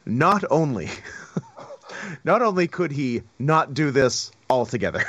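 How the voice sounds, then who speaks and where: Male co-host, high and very lively, sarcastic, dry sound. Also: takes it slowly, breathy edge. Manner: laughing, incredulous, sarcastic. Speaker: podcast co-host. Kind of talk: casual comedic commentary.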